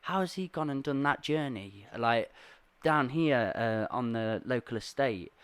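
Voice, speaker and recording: An enthusiastic man, hosting a podcast in a relaxed conversational way and laughing easily. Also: mid-range voice, measured pace, clear, resonant tone, no echo. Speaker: podcast host. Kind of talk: casual chat.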